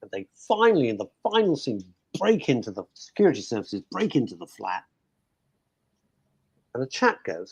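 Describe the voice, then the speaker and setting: Radio host guy, husky voice, lively up and down, dry studio sound. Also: mid-range voice, normal speed, no echo. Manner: chatty, animated, dips into a hushed aside. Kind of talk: casual chat.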